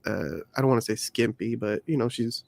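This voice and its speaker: A man's voice: medium pitch, a little fast, vocal fry, a little mellow, no room sound. A man hosting a podcast who talks through a film in a thoughtful, analytical way during a casual discussion. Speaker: podcast host.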